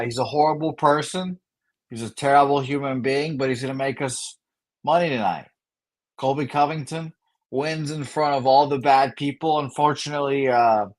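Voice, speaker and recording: A man on a live betting stream giving blunt, dry opinions with lots of hesitations. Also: mid-range voice. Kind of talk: casual live stream chat.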